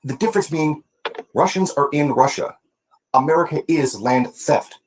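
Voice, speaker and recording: A man's voice: fairly high pitch, moderate pace, slight background noise, poor audio. A man giving political commentary in an emphatic, lecturing way. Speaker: commentator in the reacted video.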